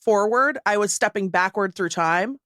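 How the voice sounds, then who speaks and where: A woman co-hosts a casual podcast, her quips dry and deadpan. Her pitch sits in the middle of the range. The mic is close, with no room sound. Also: normal speed, no room sound. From Seattle area. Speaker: podcast co-host. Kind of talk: casual chat.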